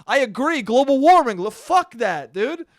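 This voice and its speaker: Man doing a high-pitched, hyped bro, slangy. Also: sing-song, moderate pace, no echo, clean studio sound. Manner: hyped, slangy, saying "dude".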